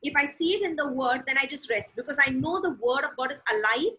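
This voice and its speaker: A woman preaching a sermon with a high, bright voice. She leans hard on key words and repeats them to drive her point home. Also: expressive, fast, low-quality recording. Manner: emphatic, repeats words for stress.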